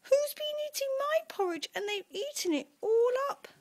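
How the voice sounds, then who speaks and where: A woman voicing a small baby bear, in a squeaky, high, tearful voice. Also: lively intonation, moderate pace.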